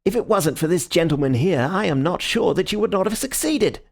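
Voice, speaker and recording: A man's voice: medium pitch, sing-song, fairly quick, vocal fry, darkish tone. A man voicing an indignant, blustering male police inspector in an audiobook reading. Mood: angry.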